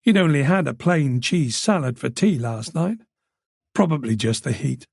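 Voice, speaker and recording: A man narrating a crime audiobook in a measured, even manner. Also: a little high, gravelly, breathy edge, no room sound, clean studio sound. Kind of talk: scripted narration.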